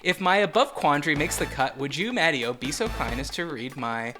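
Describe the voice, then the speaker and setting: A man's voice: a little high, animated, brisk, music in the background. A man hosting a podcast in casual chat, reading listener mail aloud with joking, self-correcting asides. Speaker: podcast host.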